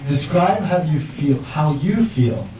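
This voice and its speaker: In an echoey room with a distant mic and background noise, a man presents an interactive parenting workshop. His slightly high voice has lively intonation and a slow pace as he talks with the audience and acts out lines from parents and children.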